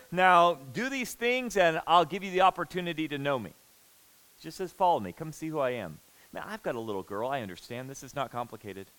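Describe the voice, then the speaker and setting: A man preaching a sermon, earnest and emphatic, moving between loud stress and hushed intensity. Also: on the high side, rough recording. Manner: earnest, emphatic, repeats words when stressing a point.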